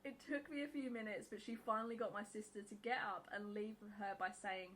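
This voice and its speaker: Bright-voiced woman reacting with blunt swearing. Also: mid-range voice, steady tone, brisk, a little hiss or hum, poor audio. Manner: blunt, swears freely, breaks into laughter. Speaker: YouTube reaction creator. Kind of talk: reading aloud and reacting to a Reddit post.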